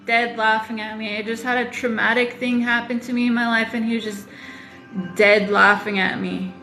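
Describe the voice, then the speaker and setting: A woman's voice: fairly high pitch, steady tone, moderate pace, bright, forceful tone, echoey room, soft background music, poor audio. A woman talking straight to her viewers in a confessional vlog, emphatic and repeating phrases for weight, with the odd swear. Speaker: vlogger. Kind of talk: confessional talk to camera.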